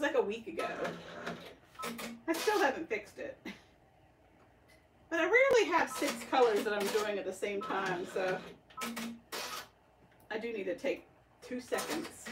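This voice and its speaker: A chatty woman with a Southern US accent, talking casually to her viewers as she works. Her voice sits a little high and comes from some way off the mic. A loud sewing machine runs behind her. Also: animated, unhurried, long pauses, distant mic, background noise. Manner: chatty, talks to viewers as y'all while sewing. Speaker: embroidery shop owner livestreaming her work. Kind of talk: casual live-stream chat while working.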